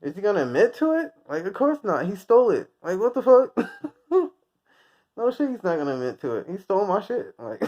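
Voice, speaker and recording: A man's voice: high-pitched, very animated, fairly quick, a little mellow. A man from the United States ranting casually, rambling and crude, often breaking into laughter at his own jokes. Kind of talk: casual profane rant. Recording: dull lo-fi recording.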